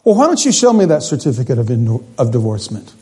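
A man's voice: medium pitch, very animated, quick pace, mellow, slightly rough, pitched below the performer's own voice. A man voicing God as an indignant male deity who rebukes his people with emphatic rhetorical questions. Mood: pleading.

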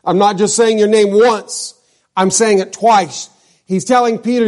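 A man's voice: high-pitched, steady tone, unhurried, darkish tone. A male pastor from New Mexico preaching a sermon, asking his congregation questions and drawing out key words.

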